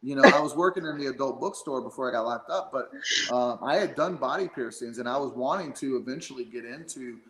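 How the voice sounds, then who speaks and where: A man's voice: medium pitch, a little fast, crowd noise. Rambling man, roomy sound. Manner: rambling, many fillers and restarts. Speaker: guest. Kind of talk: casual chat.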